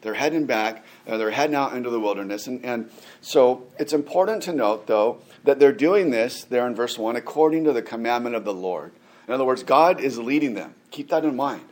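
A man preaching a Sunday sermon in a relaxed, conversational way. He drops in chatty asides and light laughs, and asks his listeners rhetorical questions. His voice sits at an everyday middle pitch. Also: a little fast. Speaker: pastor.

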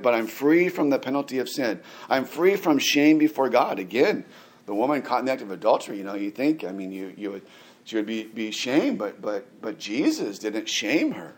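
A man in his forties delivers a sermon in an easygoing, conversational tone. He often stumbles over restarts and filler words, then lifts into louder, emphatic stretches to press a point. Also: mid-range voice. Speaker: pastor.

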